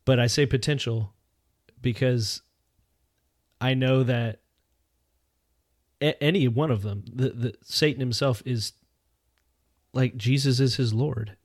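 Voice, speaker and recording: An earnest man co-hosts a casual faith talk, working through his thoughts aloud with many restarts. His voice sits at an ordinary middle pitch. The sound is dry and close. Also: steady tone, slow, long pauses, no room sound. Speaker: podcast co-host.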